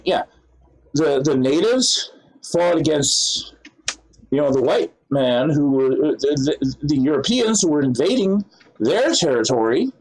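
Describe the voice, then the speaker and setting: A man's voice: fairly high pitch, low-quality recording. A man talking casually to the camera in a rambling way, with many fillers and restarts. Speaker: vlogger. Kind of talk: casual monologue.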